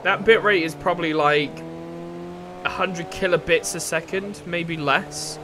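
A man's voice: fairly high pitch, steady tone, unhurried. A young English man streaming a racing game, chatting in a rambling, casual way and answering chat. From England. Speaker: gaming streamer. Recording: racing game engine noise behind.

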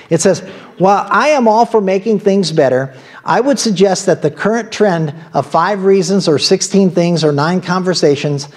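Conversational Ohio pastor preaching. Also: male voice, on the high side, darkish tone. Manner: conversational preaching with asides and laughs. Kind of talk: sermon.

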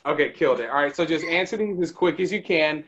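A man's voice: on the high side, fast talker, fairly bright tone. Upbeat male radio host, dull lo-fi sound. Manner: upbeat, joking. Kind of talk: playful radio quiz hosting.

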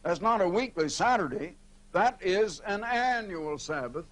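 Older preacher explaining scripture. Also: male voice, sits high, lively intonation, a bit bright, poor audio. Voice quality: pauses and fillers as he speaks freely. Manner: explanatory preaching, reads scripture aloud slowly and comments between verses. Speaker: evangelist broadcaster. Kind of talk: televised sermon.

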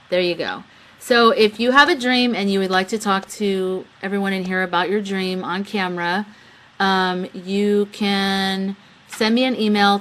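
A woman's voice: medium pitch, a bit bright. A young woman hosting a casual live webcam show, chatting, giggling and reading viewer messages aloud. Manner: chatty, giggly, reads chat aloud and retells stories with quoted voices. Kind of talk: casual live-stream chat.

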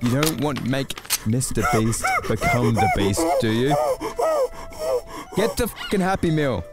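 A man gaming with friends, bossing someone around in shouts and laughing often. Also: medium pitch, wildly swooping pitch, unhurried. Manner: bossy shouting, frequent laughter. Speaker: gamer. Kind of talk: casual gaming banter. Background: background music.

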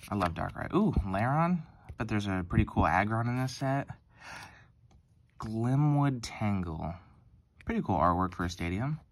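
A young man with a low, deep voice talks casually as he opens card packs at a table. He rambles a little, filling pauses with ums and correcting himself as he goes. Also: sing-song. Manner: chatty, rambling, lots of ums and self-corrections. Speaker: card-opening channel host. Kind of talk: casual pack-opening commentary.

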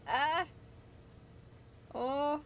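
A young woman streaming a horror game, reacting excitably, swearing, shrieking and laughing nervously. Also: high-pitched. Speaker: gaming streamer. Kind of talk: reactive gameplay commentary. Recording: noisy home recording.

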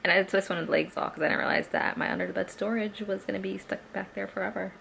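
A woman's voice: medium pitch, level tone, racing, gravelly, fairly bright tone, slight background noise. A young woman chatting casually at home in a rambling vlog, laughing often as she talks. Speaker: lifestyle vlogger. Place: at home, indoors.

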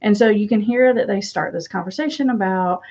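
A woman relationship coach giving calm, direct commentary on an audio clip. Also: medium pitch, a little fast, highs cut off.

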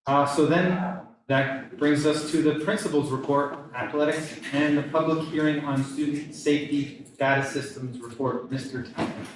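A man's voice: on the high side, steady tone, moderate pace. A man chairing a school board meeting, announcing agenda items in a brief, formal way. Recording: echoey room, distant with noise.

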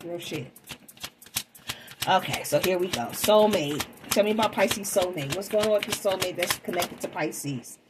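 A woman's voice: lowish voice, moderate pace, noisy background. A woman reading tarot in a casual vlog, talking chattily to her viewers and calling them babies. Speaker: tarot reader.

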